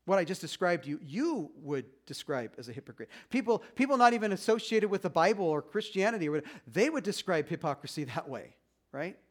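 A man's voice: high voice, sing-song, quick pace. A man preaching a sermon as pastor, in a conversational way, acting out little voices and quotes.

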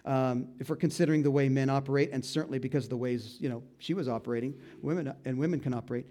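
A male pastor preaching a sermon, animated and joking, with asides and laughter between Bible readings. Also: mid-range voice, quick pace.

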